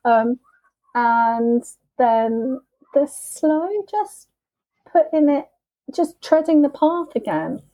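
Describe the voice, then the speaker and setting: A woman on a podcast, telling her sobriety story in a candid, emotional, halting way. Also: high voice, animated, no echo, lo-fi sound. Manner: emotional, halting, with frequent restarts and swearing.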